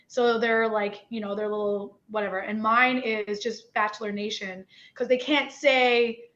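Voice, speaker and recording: Young newfoundland woman spilling stories in an interview, kinda high voice, muffled lo-fi sound. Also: unhurried. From Newfoundland, Canada. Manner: animated, candid, lots of "like" and "you know". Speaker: podcast guest. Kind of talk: candid interview chat. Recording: dull lo-fi audio.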